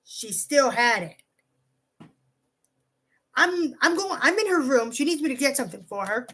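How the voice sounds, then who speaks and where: A woman's voice: high-pitched, animated, moderate pace, sharp tone, husky. A young woman casually telling a rambling personal story, swearing freely and often restarting her sentences. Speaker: vlogger.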